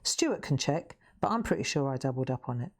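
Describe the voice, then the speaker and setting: A woman's voice: a bass voice, expressive, brisk. A woman hosting a live colouring demonstration, chatting, laughing often and making self-mocking asides. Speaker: craft show host.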